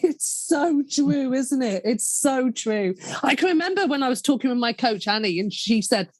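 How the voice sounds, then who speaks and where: A woman's voice: high-pitched, expressive, normal speed, no echo. A woman hosting a podcast interview, effusive and affectionate, openly emotional and close to tears. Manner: effusive and affectionate, calls guest darling and love. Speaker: podcast host. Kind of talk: casual interview chat.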